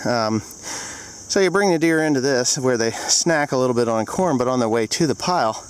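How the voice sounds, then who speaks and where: A man's voice: medium pitch, expressive, normal speed, clear, resonant tone, rough recording. Breathless farmer man out in the fields. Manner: rambling and frank. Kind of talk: casual vlog, filming on a walk. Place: outdoors in fields.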